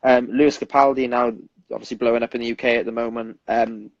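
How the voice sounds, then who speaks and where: A man's voice: medium pitch, flat delivery, fast, dry recording, highs cut off. A young British man, a singer, chatting earnestly in an interview and rambling with frequent restarts. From United Kingdom. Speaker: singer guest. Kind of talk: casual interview chat.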